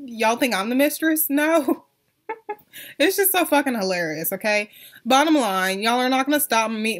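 A woman with a fairly high voice rants into her camera. Her talk is blunt, sassy and full of swearing and "like" fillers. She sounds fed up and unapologetic. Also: a bit bright. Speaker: vlogger. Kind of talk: ranting vlog.

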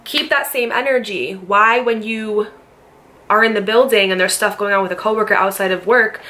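A young woman with a medium-pitched, bright, forceful voice speaks at normal speed, telling a story to camera as a storytime vlogger. Her casual storytelling is heated and blunt, with free swearing and a stream of rhetorical questions.

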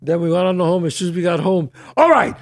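Over a noisy crowd, an older man with a high-pitched voice talks very fast as he hosts a podcast. He tells a story in casual chat, animatedly acting out the quoted dialogue.

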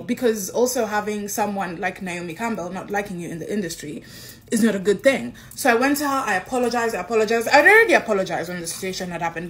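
A young woman from Kenya, telling a personal story in a casual, excitable way and acting out what others said. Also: medium pitch. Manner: animated, excitable, acts out quotes.

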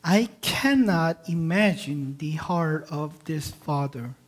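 Woman pastor, sermon; slow, deliberate delivery that builds to loud emphatic peaks and rhetorical questions. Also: sits low, expressive. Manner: impassioned, swings from quiet to loud emphatic peaks; asks the congregation rhetorical questions.

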